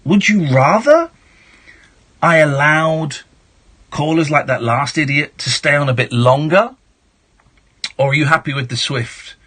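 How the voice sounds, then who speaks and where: A middle-aged man hosting a late-night phone-in radio show, switching from shouty mock outrage to soft reflection. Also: on the high side, measured pace, pauses often. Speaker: radio talk show host.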